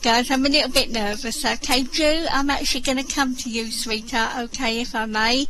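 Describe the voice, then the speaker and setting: A woman's voice: on the high side, a little hiss or hum, poor audio. A woman medium giving live spiritual readings in an online voice chat. She keeps checking in with the person she is reading for. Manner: warm, repeatedly checks in with the sitter. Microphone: computer mic in an online voice chat room.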